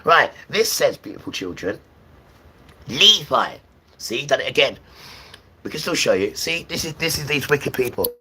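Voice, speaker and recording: A man's voice: mid-range voice, very animated, moderate pace, long pauses, pushed and bright, recorded from a distance, poor audio. A man preaching and ranting to viewers on a livestream, often checking in with "right?".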